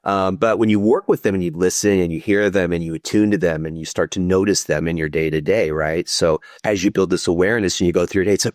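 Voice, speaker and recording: Deep-voiced man explaining therapy calmly. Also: quick pace, few pauses, no room sound, studio quality. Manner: thoughtful, explanatory, acts out inner voices. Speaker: psychotherapist guest. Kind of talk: conversational podcast interview.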